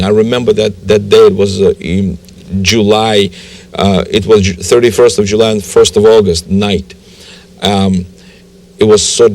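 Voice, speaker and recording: A man with a low, gravelly voice recounts his personal story in an interview. He talks haltingly, restarts his sentences and is close to tears. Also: a little mellow. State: tearful. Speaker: guest telling his testimony.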